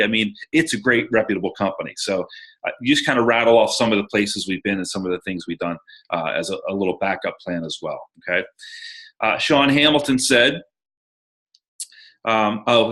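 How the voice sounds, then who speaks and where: A middle-aged man with a somewhat low voice talks sales reps through scenarios on a conference call. He is chatty and anecdotal, trailing off into fillers and restarting his sentences as he goes. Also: fairly bright tone, rough recording. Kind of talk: casual coaching talk.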